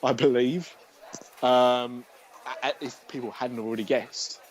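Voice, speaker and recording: A man's voice: mid-range voice, fairly even intonation, unhurried, low-quality recording. A man hosting a podcast in casual chat, rambling with restarts and jokes. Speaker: podcast host.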